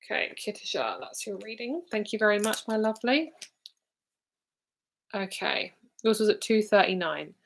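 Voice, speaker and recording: A young woman gives card readings on a live stream. She talks in a loose, rambling way, fills her sentences with "like" and swears now and then. Her voice sits at a middling pitch. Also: animated, normal speed, gravelly, long pauses. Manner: chatty, rambling, full of "like", casual swearing. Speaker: tarot and psychic reader.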